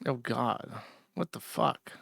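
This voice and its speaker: A man's voice: medium pitch, takes it slowly, vocal fry, fairly bright tone, dry recording, clean studio sound. A man hosting a podcast, giving crude, profane, sarcastic commentary as he reacts to online content. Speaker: podcast host. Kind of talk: casual commentary.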